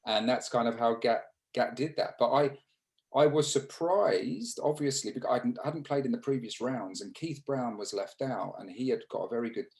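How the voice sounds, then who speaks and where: An English man in his fifties, a former cricketer, telling stories in a casual interview over a video call, halting with restarts and fillers. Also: mid-range voice, darkish tone, poor audio. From England.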